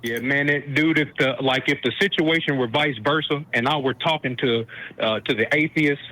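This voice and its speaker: A man's voice: medium pitch, moderate pace, sharp tone, rough recording. A man calling in to a debate show, laid-back and stammering, calling the host man and dude. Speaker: caller. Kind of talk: call-in debate.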